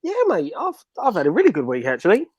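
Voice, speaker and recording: High-pitched bloke, chatty and dry-sounding, calling in over video from home. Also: male voice, wildly swooping pitch, fast, no echo, dull audio. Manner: chatty, repeats himself as he talks. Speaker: regular panelist. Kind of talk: casual chat. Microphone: video call from home.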